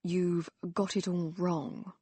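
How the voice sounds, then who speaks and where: Woman voicing a terse, guarded young gentleman. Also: fairly low pitch, little pitch movement, slow pace, husky, no room sound.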